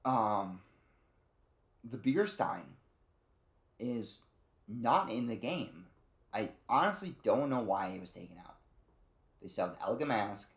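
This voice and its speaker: A man with a low, gravelly voice talks through a video game in a loose, rambling way, swearing often and slipping into quoted lines from the characters. The sound is roomy, with a clear echo around him. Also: animated, takes it slowly, pauses often, fairly bright tone. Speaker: game reviewer and streamer. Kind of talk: casual spoken game review.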